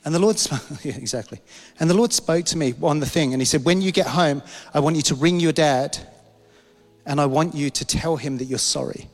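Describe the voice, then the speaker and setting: A man's voice: a little high, fairly quick. A man in his forties preaching a sermon and telling a personal story, his voice rising and dropping with emotion. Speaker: pastor. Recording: long hall reverb.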